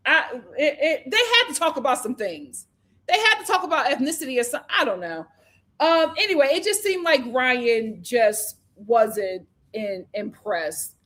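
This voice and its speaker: High-voiced woman chatting in a live show review. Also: expressive, moderate pace, a bit bright. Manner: chatty, opinionated, acts out cast members' lines.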